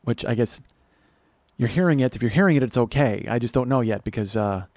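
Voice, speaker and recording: A man's voice: medium pitch, brisk, no room sound. A man in his forties hosting his own podcast and telling a long comic story about his day. He slips into the voices of everyone he talks about and curses freely, often starting sentences over. His voice sits in a medium range and is recorded close and completely dry. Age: 40s. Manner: animated, acts out both sides of conversations; swears casually, frequent restarts. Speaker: podcast host. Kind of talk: solo comedic storytelling.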